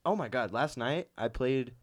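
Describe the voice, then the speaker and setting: A young man co-hosting a podcast from a studio, easygoing and unhurried, leaning on fillers as he tells his stories. His voice sits at an everyday middle pitch. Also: lively intonation. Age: 20s. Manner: laid-back, drawling, filler-heavy. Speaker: podcast co-host. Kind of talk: casual chat.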